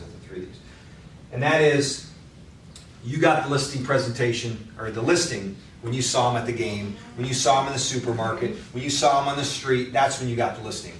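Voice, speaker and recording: A man's voice: medium pitch, recorded from a distance, slight background noise. Blunt male sales coach in echoey room. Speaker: real estate trainer. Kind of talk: workshop talk to agents.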